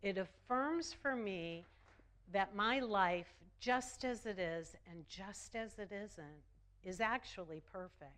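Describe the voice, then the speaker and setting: A woman minister delivering a sermon, slow and emphatic, repeating phrases for effect. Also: mid-range voice, fairly bright tone.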